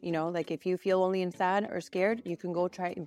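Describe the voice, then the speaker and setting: A mother on a parenting podcast talking earnestly and gently about feelings. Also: lowish voice, steady tone, quick pace, soft background music. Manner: earnest, gentle advice-giving. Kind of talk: casual podcast conversation.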